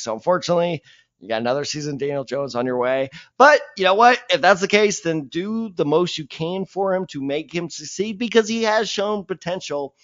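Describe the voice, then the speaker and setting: A young man co-hosting a casual sports podcast, animated and opinionated with mock-dramatic rants, on a dull lo-fi mic. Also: high-pitched, fairly quick.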